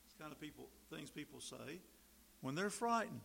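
A man's voice: a little high, very animated, a little fast, vocal fry, a bit bright. A man preaching a sermon in a conversational way, acting out little quoted exchanges and asides as he explains the text. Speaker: pastor.

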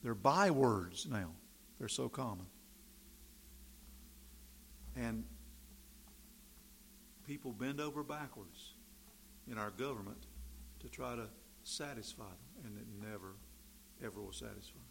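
A man preaching a sermon in an animated, sarcastic way, swinging from quiet remarks to loud, emphatic bursts. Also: medium pitch, a little slow, creaky, long pauses, slight background noise.

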